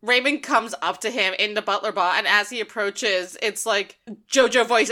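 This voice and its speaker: A woman's voice: a little high, moderate pace, pushed and bright. A woman co-hosting a casual anime recap podcast, laughing often and acting out characters' lines. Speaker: podcast co-host.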